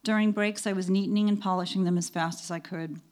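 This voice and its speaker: An older woman reading her own memoir aloud, with lively storytelling that briefly takes on the voices of the people she quotes. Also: medium pitch, quick pace. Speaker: memoir narrator.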